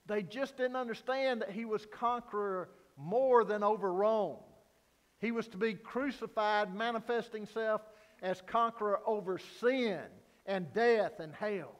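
Pastor, male, high voice, unhurried delivery, earnest sermon in a reverberant sanctuary. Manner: earnest preaching, rising to loud emphasis then dropping low. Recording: long hall reverb.

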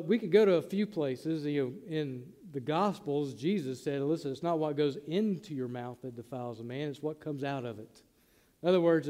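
High-voiced man preaching in a reverberant hall. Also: dark tone. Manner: conversational preaching, acts out quoted lines. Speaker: pastor. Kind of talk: sermon.

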